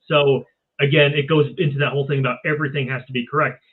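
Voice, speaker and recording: A man's voice: medium pitch, fairly even intonation, quick pace, slightly rough. A man, a filmmaker guest, chatting earnestly on a podcast call with many fillers. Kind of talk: casual podcast chat. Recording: tinny phone-like call audio.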